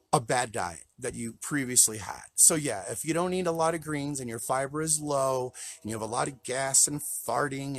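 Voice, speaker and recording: Brief: tearful, earnest man on a live stream, gravelly and husky, rambling and choked up. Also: fairly high pitch, a bit bright. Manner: earnest, rambling, repeats himself when moved. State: choked up, near tears. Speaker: plant-based chef and counselor. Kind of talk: emotional live-stream talk to followers. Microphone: live video call.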